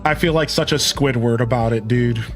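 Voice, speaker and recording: A man's voice: medium pitch, moderate pace, faint music behind. A man streaming live, chatting in a rambling, casual way and answering his chat.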